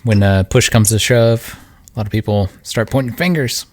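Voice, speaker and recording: Deep voiced guy hosting a podcast, lots of ums and uhs. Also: darkish tone. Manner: halting, many ums and uhs. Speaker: podcast host. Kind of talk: casual chat.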